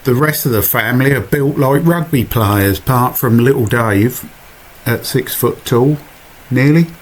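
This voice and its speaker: A man's voice: mid-range voice, a little slow, a little hiss or hum. A man with a Suffolk accent narrating his own cycling video in a chatty, self-mocking voiceover full of asides. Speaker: vlogger.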